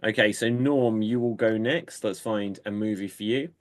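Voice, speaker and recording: A man hosting an online comedy show, bringing on each player and calling time. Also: fairly low pitch. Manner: brisk, drawn-out sign-offs. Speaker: host. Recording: video call audio.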